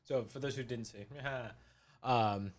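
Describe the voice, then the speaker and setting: A man's voice: medium pitch, steady tone, takes it slowly. A man co-hosting a casual movie podcast over a video call, joking and playful in his talk. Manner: joking, playful, laughs easily. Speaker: podcast co-host. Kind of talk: casual chat among friends.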